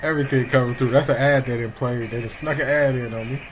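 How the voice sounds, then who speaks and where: A middle-aged man hosts a casual live sports stream, loose and talkative, greeting chat viewers by name. His medium-pitched voice has a steady tone and a fast pace, with music in the background on a low-quality recording.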